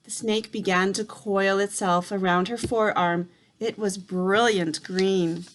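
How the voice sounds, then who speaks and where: Slow, calm woman reading a story aloud. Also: mid-range voice. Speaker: reader.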